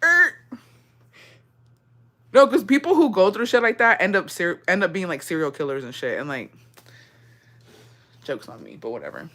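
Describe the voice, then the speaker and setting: A woman's voice: lowish voice, very animated, a little fast. A young adult woman vlogger chatting casually with her viewers in an emotional, rambling way, full of swearing.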